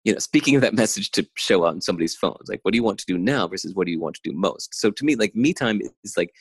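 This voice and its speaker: A middle-aged man talking casually in an interview, intense and animated, with many filler words. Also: lowish voice, quick pace, breathy edge, dry recording. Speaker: guest. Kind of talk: casual conversation. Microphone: remote call.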